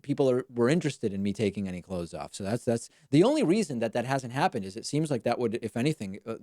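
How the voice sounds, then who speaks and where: A man's voice: medium pitch, mellow, no echo. A man hosting a live stream, giving dry, wry commentary in a casual chatty way.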